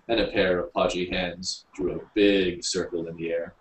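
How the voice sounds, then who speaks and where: A man reading a short story aloud, unhurried and lively. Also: sits low. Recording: roomy, from a distance.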